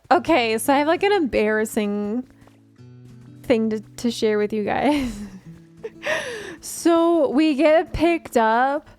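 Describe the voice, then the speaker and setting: A woman streamer chatting casually while she plays, telling a story and laughing often. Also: a little high. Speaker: gaming streamer. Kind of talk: casual live-stream chat.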